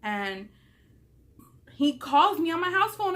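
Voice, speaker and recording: Young woman vlogger, Southern California accent, bright and fairly high voice, chatty storytelling full of swearing and acted-out quotes. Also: sing-song, unhurried, pauses often. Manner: chatty, swears a lot, acts out quotes in a higher voice. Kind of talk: casual storytelling while eating.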